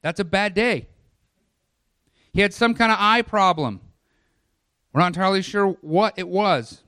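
A male pastor giving a sermon, building his voice through long lists, then dropping low and quiet, with conversational asides to the congregation. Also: smooth, dry recording, clean studio sound.

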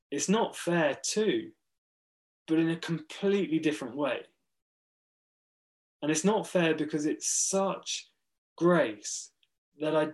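A man preaching a sermon. He speaks earnestly and with emphasis, pausing between short phrases. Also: on the high side.

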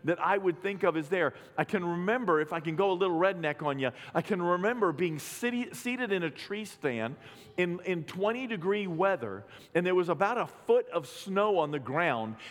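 A middle-aged man, a pastor telling personal stories in a conversational sermon, acting out gasps and quotes. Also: a little high. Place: church sanctuary. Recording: long hall reverb.

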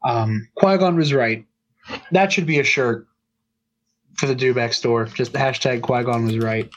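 A man's voice: mid-range voice, measured pace. A man co-hosting a podcast, chatting in a loose, upbeat way full of "um"s and restarts. His voice sits mid-range and comes through a slightly dull, lo-fi recording. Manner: upbeat, rambling with many fillers. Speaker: podcast co-host. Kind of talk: casual podcast chat.

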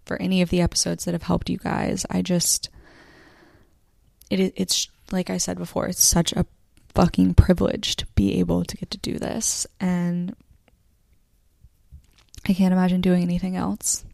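A woman's voice: lowish voice, completely flat delivery, moderate pace, gravelly, warm tone, dry recording. A woman hosting a podcast, talking in an emotional, encouraging monologue to her listeners, swearing casually and close to tears. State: near tears. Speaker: podcast host.

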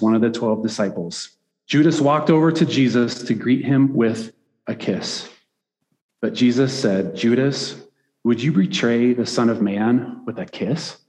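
A man's voice: mid-range voice, a little mellow, long reverb tail. A man preaching a sermon, reading scripture aloud and breaking off into casual asides that keep asking "right?".

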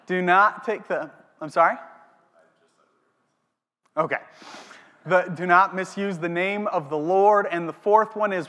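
A man preaching a sermon as a pastor, animated, asking the congregation questions. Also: high-pitched, moderate pace, pauses often. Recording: long hall reverb.

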